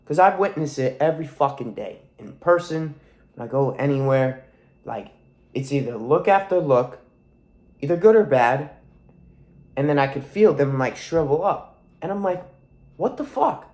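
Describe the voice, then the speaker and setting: A man's voice: on the high side, expressive, moderate pace, pauses often, a little mellow. A man in his twenties with a sore throat and stuffy nose, talking in a rambling, profane monologue to camera. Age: 20s. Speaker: vlogger.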